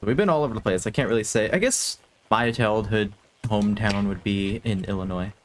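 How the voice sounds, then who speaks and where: A man with a lowish voice chats on a live stream in a soft-spoken, slightly hesitant way. He laughs often and keeps things relaxed. He is from the United States. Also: fairly quick, slight background noise. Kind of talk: casual live-stream chat.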